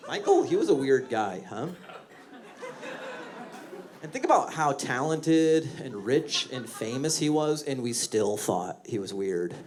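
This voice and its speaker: A man's voice: medium pitch, big pitch swings, unhurried, a little mellow. A man doing stand-up on stage before a live audience, talking in a conversational, self-mocking way with punchy jokes. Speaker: stand-up comedian. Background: audience laughter.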